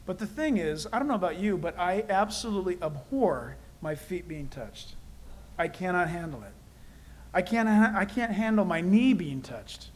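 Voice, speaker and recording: A man's voice: high voice, expressive, moderate pace, poor audio. A man preaching a sermon in a conversational, emphatic way, repeating key phrases and dropping in personal asides. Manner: self-deprecating personal asides. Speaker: pastor.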